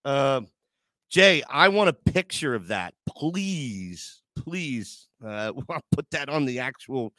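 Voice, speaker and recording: A man's voice: mid-range voice, expressive, a little slow, sharp tone, no room sound. A man hosting a casual live chat show, joking crudely and getting sentimental with his audience. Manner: joking, crude banter, emotional asides. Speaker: podcast host.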